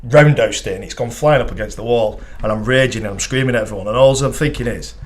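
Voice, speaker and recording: A goalkeeping coach with a Northern English accent and a mid-range voice tells animated, sweary stories at a fast clip as a podcast guest. He laughs as he goes through this anecdotal chat.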